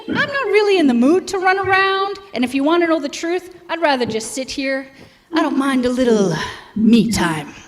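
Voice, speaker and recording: A fussy, homebody egg frets and chatters in a high, lively voice, as a woman reads his part. He swoops between high and low as he talks. The sound carries the long echo of a hall. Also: a little hiss or hum. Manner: chatty, expressive storybook reading. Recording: echoey hall.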